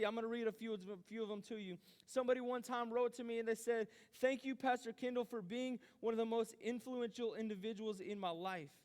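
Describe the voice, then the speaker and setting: A youth pastor delivers a sermon to young people, animated and voicing his own doubts out loud. His voice sits high.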